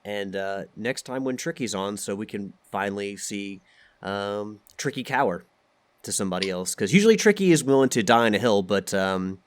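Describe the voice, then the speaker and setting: A man hosting a podcast, relaxed and teasing in casual chat. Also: fairly low pitch, moderate pace, dry recording. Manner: relaxed, loose with fillers, teasing. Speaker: podcast host.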